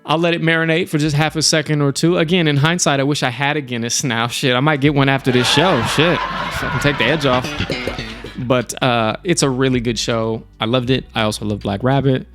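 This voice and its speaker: A man hosting a live stream and reviewing shows in a relaxed, chatty way, cursing casually and often restarting his sentences. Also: mid-range voice, fairly quick, faint music behind. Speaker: streamer and show host.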